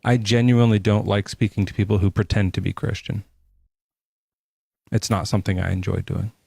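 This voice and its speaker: Low gravelly guy hosting a live debate chat, lots of ums and restarts. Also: flat delivery, fairly quick, a little mellow, no echo, clean studio sound. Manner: hedging, lots of fillers and restarts. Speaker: podcast host. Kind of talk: casual livestream debate chat.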